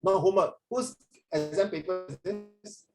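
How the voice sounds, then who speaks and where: A man's voice: high voice, moderate pace, far from the mic, over music. Singaporean man, teacher, chatty Singlish, roomy echo, a bit off mic. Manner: chatty, Singlish, switches into Mandarin. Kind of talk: online class teaching.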